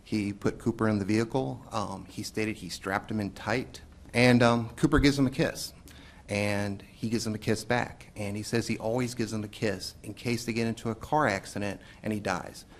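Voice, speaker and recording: A man, a police investigator, giving courtroom testimony in a measured way, with frequent hesitant pauses. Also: on the low side, steady tone.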